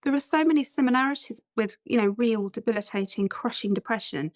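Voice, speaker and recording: A woman's voice: a little high, brisk, dry recording. Woman, middle-aged, podcast host, chatty and empathetic, dry close sound. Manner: warm, reflective, chatty, self-deprecating. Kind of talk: empathetic interview chat.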